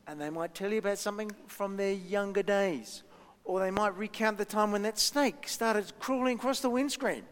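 Pastor, male, light high voice, rambling storyteller with ums, long church reverb. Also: clean tone. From Australia. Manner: chatty storytelling, frequent ums and pauses. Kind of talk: children's talk and sermon.

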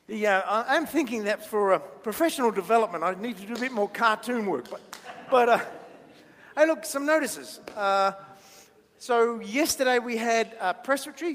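Guy with a really high voice doing a jokey kids talk at church, big reverb all round. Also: fairly bright tone. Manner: chatty, jokey, quizzes the audience. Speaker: minister giving a children's talk. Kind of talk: playful children's talk in church. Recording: long church-hall reverb.

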